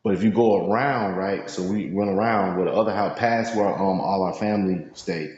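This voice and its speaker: A man co-hosting a podcast, speaking in a laid-back, halting way with many fillers. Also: low voice, darkish tone, heavy reverb, in a large hall, muffled recording. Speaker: podcast co-host. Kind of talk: casual storytelling chat.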